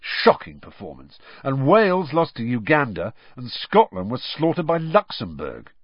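A man's voice: medium pitch, huge pitch swings, normal speed, husky, no echo, voice pushed up. A man voicing a blunt young man who talks curtly and gloomily. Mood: gloomy. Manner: gloomy and curt. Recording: dull lo-fi recording.

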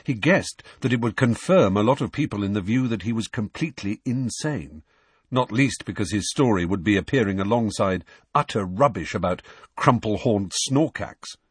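A man reading a novel aloud as an audiobook narrator, in measured storytelling. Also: on the low side, slightly rough, dry recording. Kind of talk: scripted narration.

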